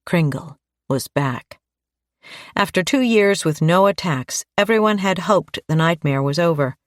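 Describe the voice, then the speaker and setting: A woman narrating a crime audiobook in a steady, measured read on a close mic. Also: lowish voice, no echo. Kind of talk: scripted narration.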